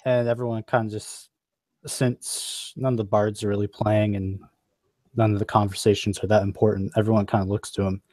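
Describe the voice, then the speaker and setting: A man's voice: on the low side, flat delivery, brisk, dark tone, no room sound. A man narrating as game master of a tabletop game, describing scenes unhurriedly with fillers.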